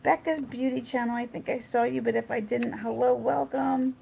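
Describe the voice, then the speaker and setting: A woman's voice: fairly high pitch, fairly even intonation, normal speed, gravelly, warm tone, a little hiss or hum, low-quality recording. A woman chatting casually on a livestream, reading her chat and rambling through personal stories with restarts.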